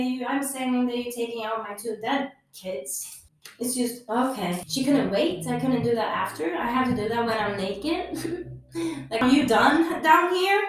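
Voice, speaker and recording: A woman hosting a podcast, telling a personal story candidly in non-native English, swearing freely and acting out what others said. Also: fairly high pitch. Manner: candid, swears freely, acts out quoted people. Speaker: podcast host. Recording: very echoey room, mic far off.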